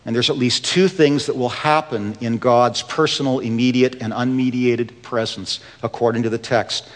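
A pastor delivers a sermon in a church sanctuary, his middle-pitched voice rising with passion on key phrases and sinking low and quiet on tender ones. The long reverb of the hall trails every word. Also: steady tone, moderate pace. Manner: impassioned preaching, rising then dropping to hushed.

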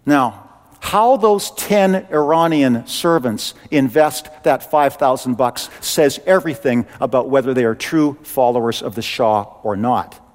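A man preaching a sermon in an animated, conversational way as a pastor. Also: mid-range voice, a little slow, long reverb tail. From Canada.

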